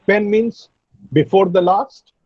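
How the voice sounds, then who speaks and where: A husky-voiced Indian man lectures slowly and patiently over a video call. His voice sits a little high for a man and sounds dry and close. The audio is dull and lo-fi. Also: steady tone, no room sound. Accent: Indian English. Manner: slow, methodical explaining, frequent throat clearing. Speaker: English teacher. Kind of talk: online class lecture.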